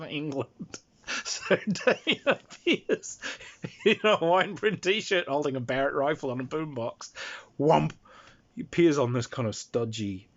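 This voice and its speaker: A man casually telling an anecdote from running a role-playing game, full of ums. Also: mid-range voice. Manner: animated, chuckling, many ums. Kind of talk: casual storytelling. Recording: dull lo-fi recording.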